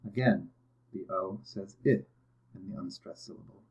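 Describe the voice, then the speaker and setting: A man's voice: low voice, normal speed, pauses often. A man teaching a phonics lesson, explaining step by step and often checking in with "okay". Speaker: reading teacher. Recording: dull lo-fi audio.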